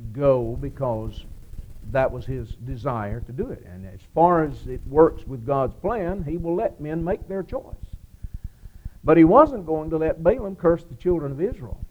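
A man preaching and retelling a story in a lively way, rising to emphatic, loud peaks. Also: mid-range voice, lo-fi sound, slight background noise. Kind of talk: storytelling sermon.

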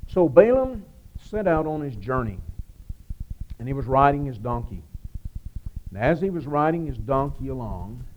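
A man preaching and retelling a story in a lively way, rising to emphatic, loud peaks. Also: mid-range voice, dull audio, slight background noise. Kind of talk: storytelling sermon.

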